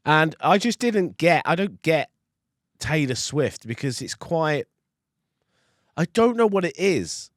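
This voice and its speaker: Male podcast co-host, animated and sweary, very expressive pitch, dry close sound. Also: no echo. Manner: animated, swearing, quick to laugh. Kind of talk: casual chat.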